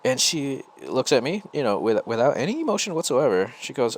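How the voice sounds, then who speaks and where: A man's voice: mid-range voice, big pitch swings, fairly quick, hardly any pauses. An American man hosting a podcast, telling a casual, rambling story full of restarts. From United States. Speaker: podcast host.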